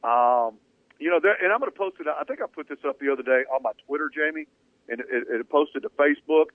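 A man's voice: on the high side, quick pace, no echo. A man hosting a sports talk radio show, talking emphatically and at length, restarting phrases as he builds his points. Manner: emphatic, opinionated, rambling with restarts. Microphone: studio radio mic. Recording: dry phone-like radio audio.

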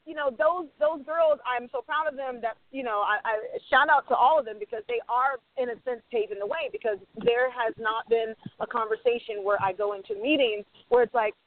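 A woman's voice: on the high side, fairly quick, few pauses, dry recording. A woman screenwriter talking emphatically on a panel, acting out snatches of dialogue as she makes her points. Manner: emphatic, acts out quoted dialogue. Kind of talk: animated panel discussion. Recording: tinny phone-like audio.

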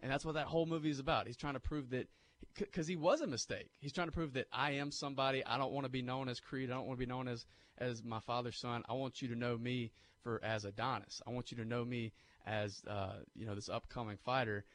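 A man co-hosting a sports radio show, telling movie scenes in a lively, animated way. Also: medium pitch, fast, hardly any pauses. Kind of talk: casual sports talk.

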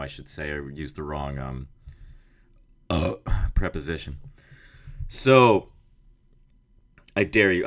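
Very deep-voiced American podcast host. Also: male voice, fairly bright tone. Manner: self-mocking, swears, loose and chatty. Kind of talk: rambling casual monologue. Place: indoor office studio.

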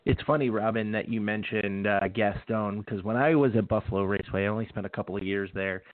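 A man hosting a radio interview, chatting in a relaxed, conversational way. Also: on the low side, fairly quick, dry recording. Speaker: radio show host. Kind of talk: casual interview chat. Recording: dry phone-line audio.

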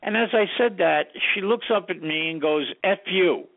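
An older man, a guest sound engineer, telling an animated anecdote and acting out the lines he quotes. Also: high-pitched, normal speed, no room sound. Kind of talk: storytelling anecdote. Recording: tinny phone line, dry.

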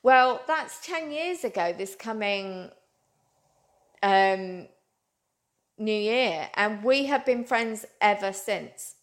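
A woman's voice: mid-range voice, lively intonation, takes it slowly, long pauses. Earnest woman medium telling a story. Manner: earnest, rambling, addresses listeners as guys. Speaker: psychic medium. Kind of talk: animated storytelling.

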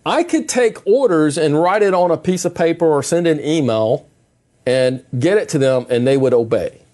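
A middle-aged man preaching in a calm, plain-spoken conversational way, often repeating himself and restarting phrases. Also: a little high, normal speed. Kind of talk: conversational sermon.

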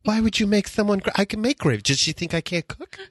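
A man's voice: sits high, animated, fast, no echo, clean studio sound. A man co-hosting a podcast in a joking, teasing way, often slipping into comic put-on voices. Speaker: podcast co-host. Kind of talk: casual chat.

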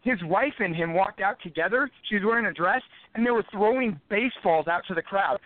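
A man's voice: high voice, no room sound, narrow, tinny audio. A man, a guest and former fighter, telling rambling, profane stories in casual conversation. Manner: profane, rambling, rapid-fire. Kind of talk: casual storytelling.

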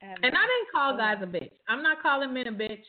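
A woman hosting a playful talk show, arguing back with exasperated emphasis and frequent laughter. Her voice rides a little high. The sound is narrow and tinny, like a phone call. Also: sing-song, a little fast. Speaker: host. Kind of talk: casual comedic banter.

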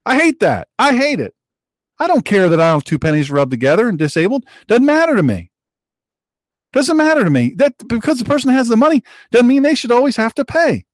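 A man hosts his own online broadcast, delivering heated, emphatic political commentary with sharp pitch jumps and repetition. His voice is sing-song and fast, in a dry recording.

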